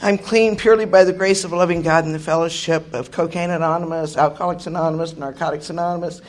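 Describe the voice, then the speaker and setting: A hoarse middle-aged woman sharing her recovery story at a meeting, candid, joking and laughing often, swearing now and then. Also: lowish voice, fairly even intonation, fast talker. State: hoarse, voice worn out. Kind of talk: personal recovery testimony. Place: meeting room with an audience.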